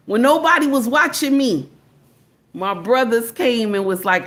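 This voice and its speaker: A woman's voice: mid-range voice, expressive, fairly bright tone. Emphatic woman streamer chatting with viewers. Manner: emphatic, drawn-out, repeats herself and greets viewers by name. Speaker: livestream commentator. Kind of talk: casual live-stream commentary to chat.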